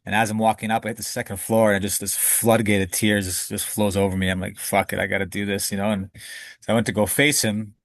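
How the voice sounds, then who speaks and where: Low-voiced man telling a raw story. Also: flat delivery, fast, no room sound. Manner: emotional, candid, swears casually. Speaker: podcast guest. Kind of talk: candid personal storytelling.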